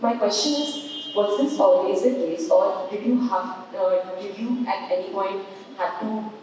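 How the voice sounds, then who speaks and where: A woman's voice: medium pitch, unhurried, a little mellow, a little hiss or hum. A woman from the audience, politely asking a question in careful phrasing. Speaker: audience member. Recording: distant mic, echoey hall, faint ambience.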